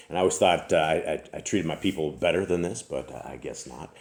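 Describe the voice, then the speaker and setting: A man's voice: extremely low pitch, fast talker, slight background noise. A man hosting a family scripture channel, joking casually and then preaching emphatically. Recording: echoey room.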